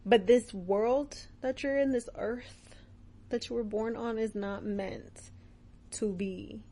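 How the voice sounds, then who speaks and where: A young woman hosting a podcast, talking about faith in an earnest, animated way and often laughing. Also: on the high side, slow. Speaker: podcast host. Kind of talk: casual faith talk.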